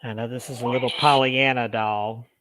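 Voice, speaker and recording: A man, gently asking questions of a spirit he thinks is in a doll during a casual paranormal session. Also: mid-range voice, steady tone, moderate pace, crowd noise. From Alabama. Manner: soft-spoken, coaxing questions to a spirit. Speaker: paranormal vlogger.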